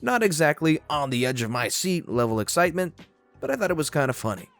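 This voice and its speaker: Male storyteller, fairly high voice, lively sarcastic read of internet stories over faint music. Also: fast. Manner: animated, sarcastic commentary between stories. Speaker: narrator. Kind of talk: reading reddit stories aloud.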